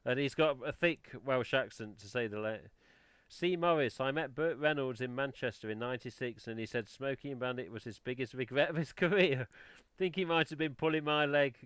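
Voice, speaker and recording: Man, livestream host, rambling casual chat, crisp resonant voice. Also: medium pitch, a little fast, fairly bright tone, no echo. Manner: chatty, rambling, self-interrupting.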